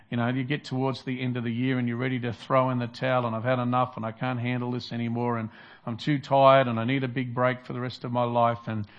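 A man's voice: mid-range voice, lo-fi sound. A man preaching a sermon in an earnest, repetitive style, restarting phrases as he builds his points. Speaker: pastor.

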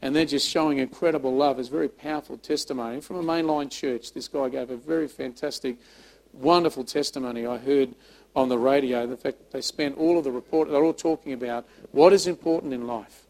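A man's voice: mid-range voice, fairly even intonation, fairly quick, rough recording. Emphatic man preaching a sermon. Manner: emphatic, repeats words, swings from loud to soft. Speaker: pastor.

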